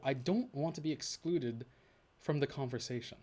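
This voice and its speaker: A man chatting casually on his own stream, rambling and thinking out loud, often restarting his sentences. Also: moderate pace. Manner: rambling, self-correcting, thinking aloud with many restarts; swings between low mumbles and bursts of high animated emphasis. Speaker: VTuber streamer. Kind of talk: casual solo stream chat.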